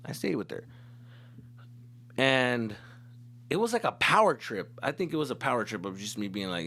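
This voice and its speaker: A young man hosts a comedy podcast and tells crude stories in a casual, profane style. His voice is gravelly and jumps all over the place in pitch. He often breaks into exaggerated high-pitched impressions of other people. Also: big pitch swings, normal speed, long pauses, bright, forceful tone. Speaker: podcast host.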